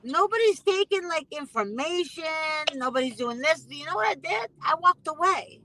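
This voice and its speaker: A woman's voice: high-pitched, animated, normal speed, pushed and bright, rough recording. A woman hosting a casual conversation, talking emphatically and passionately and often repeating herself for weight. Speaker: host; mother.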